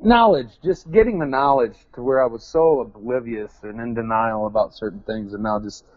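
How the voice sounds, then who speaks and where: A man's voice: mid-range voice, moderate pace, no room sound, lo-fi sound. A man chatting casually as an interview guest, rambling and joking at his own expense. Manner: rambling, self-deprecating, joking.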